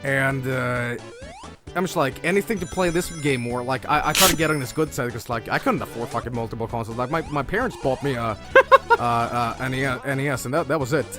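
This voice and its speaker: A young adult man telling an animated, profane story, laughing often and acting out quotes in high voices. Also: a little fast, music in the background. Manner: profane and excitable. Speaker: streamer reacting to an animation.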